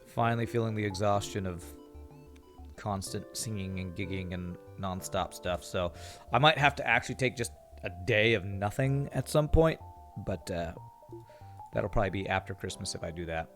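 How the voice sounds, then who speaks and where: A man's voice: lowish voice, normal speed, music in the background. A man from California streaming a game, chatting to viewers in a rambling way and often repeating words while he thinks. He sounds tired after a busy season. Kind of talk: casual gameplay commentary with chat.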